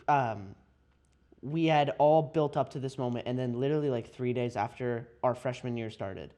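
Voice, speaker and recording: A young man hosting a podcast, talking about movies in a casual, animated way with frequent laughs. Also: mid-range voice, moderate pace. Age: young adult. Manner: animated, laughs often, many restarts. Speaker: podcast host. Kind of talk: casual chat.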